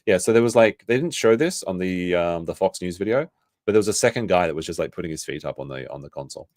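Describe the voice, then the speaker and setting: A man's voice: sits low, lively intonation, fast, a little mellow, dry recording, clean studio sound. A man streaming casual reaction commentary, reading news aloud and adding sarcastic, rambling asides.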